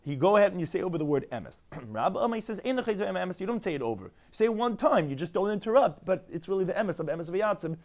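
Rapid-fire rabbi teaching Talmud. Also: male voice, high-pitched, animated, a little mellow. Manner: rapid explanatory delivery, reads and translates text line by line. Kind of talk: daily Talmud lesson.

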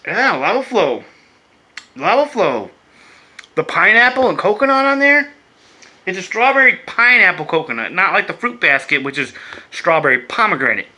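Male vlogger, profane and rambling, slightly high, very bright voice. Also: very animated, normal speed. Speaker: beer and vape reviewer. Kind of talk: casual review vlog.

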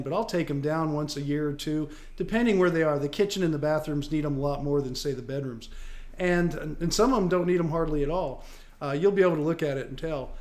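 Male radio host, home repair advice, plain-spoken and methodical, slightly high pitch. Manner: plain-spoken, explains step by step. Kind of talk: casual radio call-in advice.

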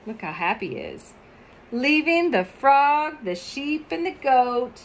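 A woman's voice: high voice, very animated, slow. A woman reading a picture book aloud expressively, adding chatty asides about the pictures.

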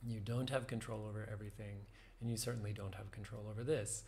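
A man giving a reflective meditation talk, thoughtful and unhurried, with soft laughs and fillers. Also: medium pitch, steady tone. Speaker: meditation teacher.

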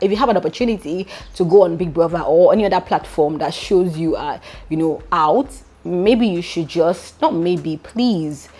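Chatty Nigerian woman dishing gossip. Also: lowish voice. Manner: chatty, animated, sprinkled with pidgin asides. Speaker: gossip vlogger. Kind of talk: casual gossip chat.

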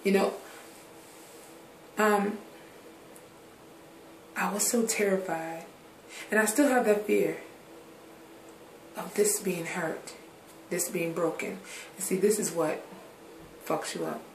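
A woman's voice: on the low side, takes it slowly, gravelly, pauses often, slight background noise. Frank rambling woman in an echoey room. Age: adult. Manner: rambling, drifts from subject to subject; frank, swears casually. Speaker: vlogger. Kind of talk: candid personal vlog talk. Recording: roomy echoey recording.

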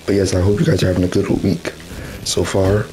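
A man with a low, dark, hoarse voice gives relaxed gameplay commentary over a racing game. His voice sounds rough and worn, and faint music plays under his talk. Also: a little fast, poor audio. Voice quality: rough, smoker-like. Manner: chatty, laughs often, exclaims at the race. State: hoarse, voice going out. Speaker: gaming channel host.

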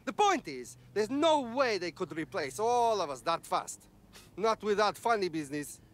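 A man's voice: sits high, very animated, normal speed. An actor playing a blunt, laid-off male tech worker in a video game, talking in clipped, broken English.

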